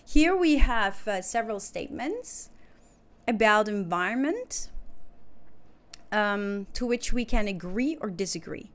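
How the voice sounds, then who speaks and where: A woman teaching an English lesson, explaining clearly and patiently, step by step. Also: medium pitch, lively intonation, a little slow. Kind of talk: recorded online lesson.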